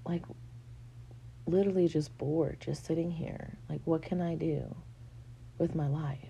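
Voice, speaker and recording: Low, gravelly-voiced woman venting candidly. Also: steady tone, normal speed, dark tone, muffled recording, slight background noise. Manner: frank and rambling, with frequent swearing and fillers. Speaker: vlogger.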